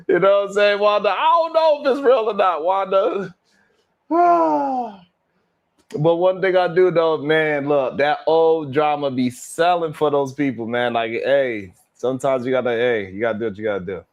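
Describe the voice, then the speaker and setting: This male livestream host reads super chats in a relaxed way, laughing, sighing and drawling slang as he reacts to viewers. He speaks on the high side in a sing-song, slightly slow manner. The highs in the recording are cut off.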